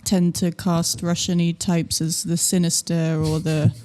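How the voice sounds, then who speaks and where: A woman's voice: lowish voice, level tone, measured pace, darkish tone. Teasing woman comedian. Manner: teasing, dry jokes, playful. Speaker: podcast guest, comedian. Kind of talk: casual chat.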